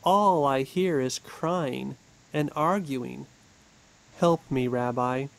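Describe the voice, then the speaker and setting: A man reading a storybook, voicing a poor, desperate father of a crowded home who pleads slowly for help. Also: medium pitch, creaky, slight background noise. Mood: pleading. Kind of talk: storybook reading for English learners.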